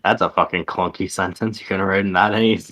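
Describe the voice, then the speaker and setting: A man's voice: low voice, steady tone, brisk, fairly bright tone. A young man co-hosting a casual podcast, blunt, swearing and laughing. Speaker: podcast co-host. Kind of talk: casual chat.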